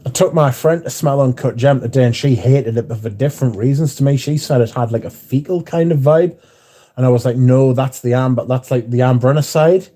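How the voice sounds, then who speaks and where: Very dark-voiced blunt chatty man. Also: medium pitch, a little fast. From not American. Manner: mouthy, blunt, swears freely. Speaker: livestream host reading chat. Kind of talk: casual chat. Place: bar, windy.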